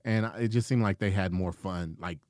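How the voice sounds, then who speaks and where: A man's voice: low voice, brisk, darkish tone, no room sound, clean studio sound. A middle-aged comedian telling profane stories in casual podcast chat, acting out the people he quotes. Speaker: comedian guest.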